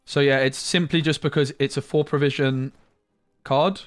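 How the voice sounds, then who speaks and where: A man's voice: mid-range voice, steady tone, moderate pace, no room sound. A man streaming a card game, chatting casually and muttering asides with mild slang. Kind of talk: casual gameplay commentary.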